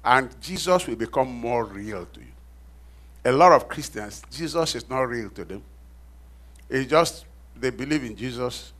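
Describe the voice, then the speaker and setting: A man's voice: medium pitch, expressive, a little slow, fairly bright tone. A middle-aged male pastor preaching a sermon. He repeats key phrases and prompts the congregation to finish his sentences.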